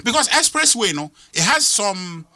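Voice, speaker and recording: A man's voice: sits high, normal speed, dry recording. A middle-aged Ghanaian man hosting a radio talk show, speaking emphatically and switching between English and Twi. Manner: emphatic, lively, code-switching. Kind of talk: animated radio discussion mixing English and Twi.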